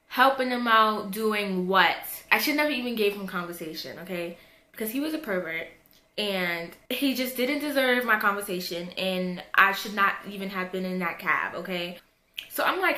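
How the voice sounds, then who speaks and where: A woman's voice: mid-range voice, lively intonation, normal speed, bright, forceful tone, roomy sound. A young woman telling a personal story in a chatty, slangy, candid storytime vlog. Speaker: vlogger. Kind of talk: casual storytime.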